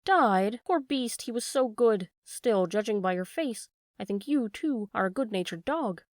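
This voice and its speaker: A woman's voice: fairly high pitch, lively intonation, measured pace, no room sound, studio quality. A woman voicing a sly female weasel who talks sweetly and coaxingly in a storybook reading.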